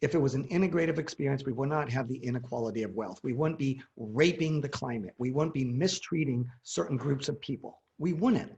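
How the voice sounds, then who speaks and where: A man's voice: medium pitch, darkish tone, lo-fi sound. A man in his forties telling a personal story in casual conversation, acting out the quoted dialogue.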